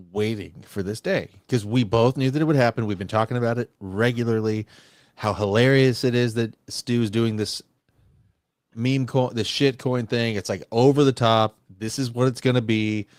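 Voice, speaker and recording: A man on a casual livestream chat, animated and profane, mocking others with mimicked quotes. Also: mid-range voice, normal speed, dry recording, clean studio sound.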